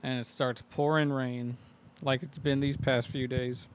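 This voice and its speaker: Smooth-voiced guy, casual. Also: mid-range voice, flat delivery, measured pace. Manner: swears a lot, acts out characters' lines while retelling. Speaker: podcast co-host. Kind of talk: casual movie recap chat.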